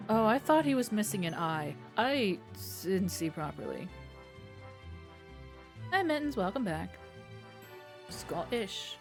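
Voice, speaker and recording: A woman's voice: fairly low pitch, big pitch swings, takes it slowly, pauses often. A woman streamer giving casual, chatty gameplay commentary with joking asides. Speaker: game streamer. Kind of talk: casual gameplay commentary while reading dialogue. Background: game music.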